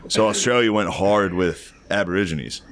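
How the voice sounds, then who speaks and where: A man's voice: low-pitched, moderate pace, a bit bright. A man co-hosting a podcast, talking bluntly and crudely in casual chat. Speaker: podcast co-host.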